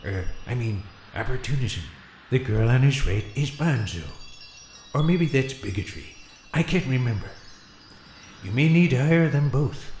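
A man's voice: medium pitch, animated, unhurried, darkish tone, close to an everyday voice. A man playing a forgetful, rambling old ex-president ghost in a comic radio play. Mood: muddled. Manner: forgetful, rambling, loses his place. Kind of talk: comedy radio-play acting. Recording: echoey room, faint noise.

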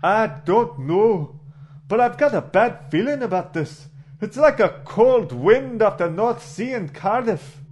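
Man doing a Welsh engineer, Welsh accent, gloomy and folksy, high and slow, comedy audio parody, faint music. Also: expressive, darkish tone.

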